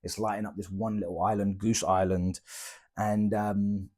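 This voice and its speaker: A man's voice: on the low side, moderate pace. Young British man, casual slangy storyteller, vlog voice. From Britain. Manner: chatty, slangy, animated retelling with quoted dialogue. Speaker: travel vlogger.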